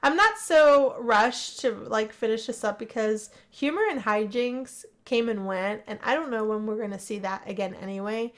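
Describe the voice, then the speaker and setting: A woman giving chatty, excitable commentary as she plays a life-simulation game, gasping and gushing over what happens. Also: medium pitch, normal speed, few pauses. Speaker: gameplay narrator. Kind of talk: casual let's play commentary.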